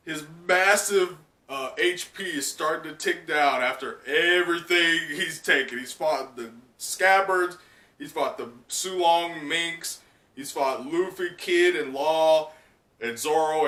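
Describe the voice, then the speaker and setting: A man's voice: fairly high pitch, sharp tone. A man hosting a live comic reaction, talking casually with laughs and many fillers. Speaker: host. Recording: echoey room, distant mic.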